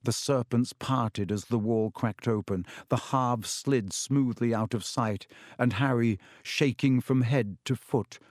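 A man reads a fantasy storybook aloud in a measured, dramatic way, at a middle pitch. The recording is dry, with no room sound around the voice. It suits an audiobook. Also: a little mellow, no room sound. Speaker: audiobook narrator. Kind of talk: scripted storybook narration.

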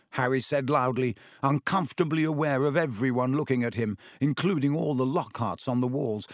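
A man narrating an audiobook with expressive, animated delivery on a close microphone. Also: medium pitch, normal speed, hardly any pauses, no echo. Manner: animated, varied character voices.

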